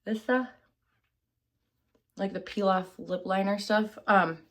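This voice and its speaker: A woman with a steady, mid-range voice takes her time chatting to camera. Her vlog talk rambles and loses its thread often, self-deprecating and full of fillers and restarts.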